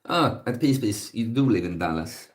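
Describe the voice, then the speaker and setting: A man's voice: fairly low pitch, expressive, normal speed. A man from Sweden, chatting casually on a livestream, rambling and hesitant with lots of fillers. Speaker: streamer, fitness content creator.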